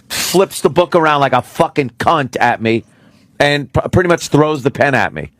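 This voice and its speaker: A man's voice: on the high side, a little fast, fairly bright tone, dry recording. A middle-aged man hosting a radio talk show, telling a rambling, profane story with many restarts.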